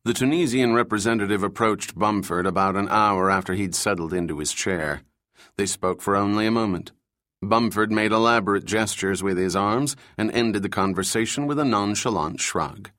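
A man reading a thriller audiobook in steady, measured scripted narration. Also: lowish voice, dry recording, clean studio sound.

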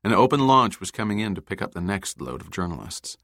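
A man narrating an audiobook in a steady, measured way. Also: low voice, creaky, dry recording, studio quality. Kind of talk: scripted narration.

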